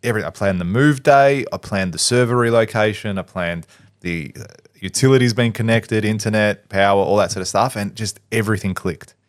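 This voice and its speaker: Blunt, sweary low-voiced Aussie man. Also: brisk, no echo, clean studio sound. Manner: blunt, sweary storyteller, acts out quotes loudly. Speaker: podcast co-host. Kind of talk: casual chat.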